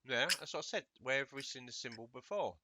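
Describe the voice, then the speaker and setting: Bright low-voiced man, game player. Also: expressive, quick pace, a little hiss or hum. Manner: reads notes aloud, swears casually. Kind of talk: casual chat at a game table.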